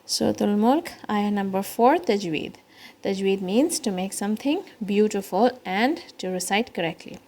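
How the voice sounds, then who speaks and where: A woman teaching children Quran recitation, explaining each letter slowly and patiently, step by step. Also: medium pitch, expressive, darkish tone. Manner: breaks into quicker chanted recitation lines. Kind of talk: slow, patient kids' lesson.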